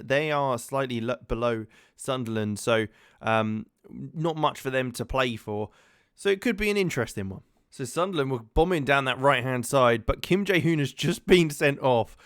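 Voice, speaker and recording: Brief: guy, chatty let's-play commentary, smooth clear voice, dry close sound. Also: mid-range voice, a bit bright, no room sound. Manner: chatty, many ums and repeated words. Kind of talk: casual gaming commentary.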